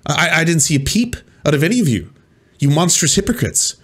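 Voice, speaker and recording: A man's voice: fairly high pitch, sing-song, fast talker, fairly bright tone, slightly rough. A man hosting a casual reaction commentary, sarcastic and rambling, often repeating and restarting his words. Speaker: host.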